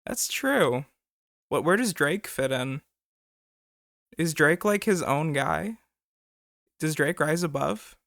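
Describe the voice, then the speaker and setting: A man's voice: fairly high pitch, animated, takes it slowly, gravelly, long pauses, fairly bright tone, no room sound, studio quality. A man streaming, reacting to a clip with crude jokes. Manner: crude, joking, laughs often. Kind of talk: live stream reaction commentary.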